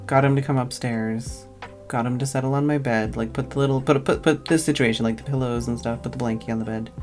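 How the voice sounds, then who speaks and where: A woman's voice: rumbling low, darkish tone. A tired woman streamer telling a long, casual story, rambling and full of "like" fillers.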